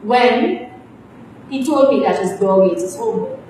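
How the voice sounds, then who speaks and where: A woman's voice: on the high side, big pitch swings, measured pace, warm tone. A middle-aged woman teacher with a Trinidadian accent lecturing her class in a stern, scolding way, ending her points with tag questions. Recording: echoey room, distant, faint hiss.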